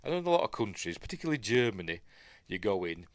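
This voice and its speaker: Yorkshire host, middle-aged man, lowish voice, dry close mic, rambly chatty film talk. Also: very animated, quick pace, no room sound. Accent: Yorkshire English. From Yorkshire, England. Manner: chatty, rambling, self-deprecating asides. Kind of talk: casual live film commentary.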